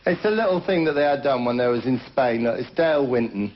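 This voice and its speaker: A man's voice: medium pitch, lively intonation, quick pace. A man hosting a comedy show, spinning cheeky tall tales and talking straight to the audience. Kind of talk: stand-up monologue in character. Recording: muffled old TV recording with hiss.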